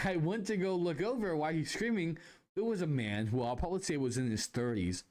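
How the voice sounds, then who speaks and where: Lively rambling young man podcasting. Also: medium pitch. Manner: rambling, goes on tangents, self-deprecating. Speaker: podcast host. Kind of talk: casual solo podcast storytelling.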